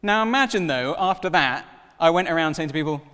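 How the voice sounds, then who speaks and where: Animated preacher in a reverberant hall. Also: male voice, on the high side, a little fast, clean tone. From Wales. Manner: animated storytelling, acts out dialogue in voices. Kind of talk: sermon.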